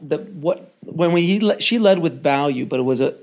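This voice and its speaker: A man hosting a podcast interview, chiming in with quick reactions and thinking aloud with restarts. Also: on the high side, animated, a little mellow, a little hiss or hum. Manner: short reactive interjections, then rambling restarts. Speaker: podcast host. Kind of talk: casual interview chat.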